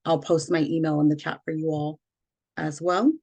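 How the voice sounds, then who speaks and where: A woman hosts an online workshop over a video call, reading the opening and housekeeping notes. Her voice sits a little low, and she talks in a careful, measured way with small self-corrections. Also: level tone, dark tone, lo-fi sound. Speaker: community engagement manager, workshop host.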